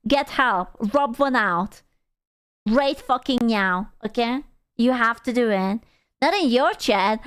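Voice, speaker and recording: Young woman streamer, high voice, unhurried, smooth, crude teasing banter, playful squeals. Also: lively intonation, no echo, clean studio sound. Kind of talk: casual live-stream chat.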